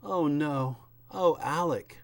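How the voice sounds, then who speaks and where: A man's voice: a little high, slow pace, voice pushed up. A man voicing a frightened young woman in a comic book reading, in a raised, pleading voice. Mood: alarmed.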